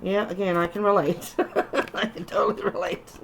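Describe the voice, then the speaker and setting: Female tarot reader, gravelly voice, relaxed chatty reassuring delivery, casual vlog. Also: mid-range voice, normal speed, noisy background. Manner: chatty, reassuring, with frequent restarts. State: tired.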